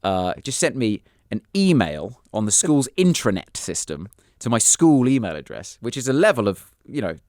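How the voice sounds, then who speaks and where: British male comic, 30s, animated anecdote delivery, quick and dry-sounding. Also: fairly low pitch, dry recording. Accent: British English. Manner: animated, acts out voices in anecdotes. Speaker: comedian guest. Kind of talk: casual podcast storytelling.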